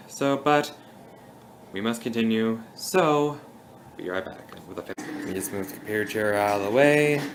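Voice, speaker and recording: A man's voice: lowish voice, slight background noise, rough recording. A young man casually vlogging a home project in his bedroom, rambling and often restarting his sentences.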